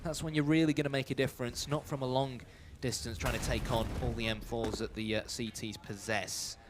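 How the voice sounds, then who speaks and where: A man giving live esports play-by-play commentary, building to shouts on big plays. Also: mid-range voice, fairly even intonation, fairly quick, background noise.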